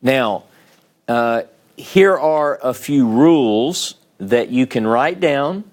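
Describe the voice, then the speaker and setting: A man's voice: mid-range voice, expressive, slow, darkish tone. A man with a Southern US accent teaching a class, explaining step by step and often checking in with "okay?" and "right?". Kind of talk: classroom lecture.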